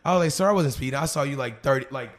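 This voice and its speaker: A man's voice: mid-range voice, rapid-fire. Young man telling stories in casual slang. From Arkansas. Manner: loose, storytelling, heavy slang and fillers. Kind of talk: casual chat. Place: living room couch.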